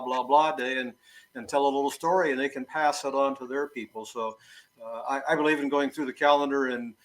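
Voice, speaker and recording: A man's voice: mid-range voice, a bit bright, poor audio. A man marketing strategist talking on a casual panel, rambling with cheeky humor.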